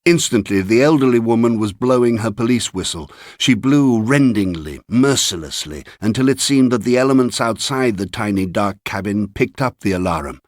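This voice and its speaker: A man narrating a literary short story in a measured, unhurried way. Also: on the low side, expressive, darkish tone, no echo, clean studio sound. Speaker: audiobook narrator.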